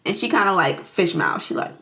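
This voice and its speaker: A young woman recapping a film in a chatty, casual way. She is animated and quick to act out the characters' lines in her own voice, full of asides and reactions. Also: on the low side. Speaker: movie reviewer.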